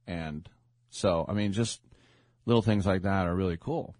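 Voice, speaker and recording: Telling stories in a chatty, casual way, a sports radio host performs the voices of the people he quotes. He speaks at a moderate pace in a low-sitting, darkish voice, with no room sound in the recording.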